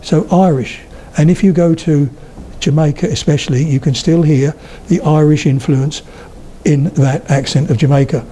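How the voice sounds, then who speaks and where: Older man giving a lively lecture. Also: fairly high pitch, moderate pace, a little hiss or hum. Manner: chatty storyteller, slips into accent demonstrations. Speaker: guest speaker on spoken English. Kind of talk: public lecture.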